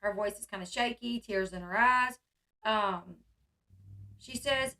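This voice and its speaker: A woman's voice: mid-range voice, takes it slowly, long pauses, bright, forceful tone. A woman vlogger giving casual, chatty commentary, full of "like" and "um" fillers. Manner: chatty, filler-heavy with frequent "like" and "um". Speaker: vlogger reacting to a reality show.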